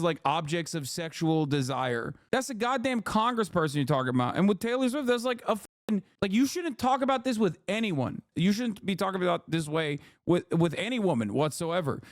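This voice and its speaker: A man's voice: high-pitched, no room sound, studio quality. A man in his thirties streaming live, ranting angrily and with heavy profanity as he reacts to posts. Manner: angry, profane ranting, fast and emphatic.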